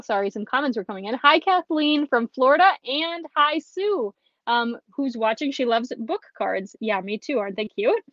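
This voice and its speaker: A woman's voice: on the high side, fairly bright tone, no room sound. A woman hosting a live card-making tutorial, chatting casually and reading viewer comments between steps. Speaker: stamping and card-making host. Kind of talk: live craft tutorial with chat. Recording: dull, slightly lo-fi dry stream sound.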